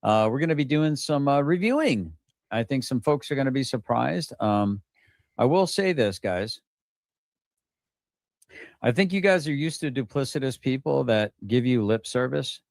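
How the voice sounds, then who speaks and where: A man addressing his viewers in a measured, halting way, full of ums and uhs. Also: medium pitch, lively intonation, creaky, darkish tone, no echo, studio quality.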